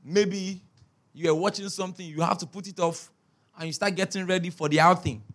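A man's voice: high-pitched, fairly even intonation, a little fast, fairly bright tone. A man preaching a sermon as a pastor, emphatic, repeating key words and checking in with his listeners.

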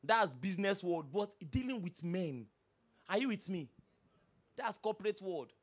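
Pastor mid-sermon; very animated, questioning, drops low then erupts. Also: measured pace, husky. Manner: preachy, rhetorical questions, swings from hushed to shouting.

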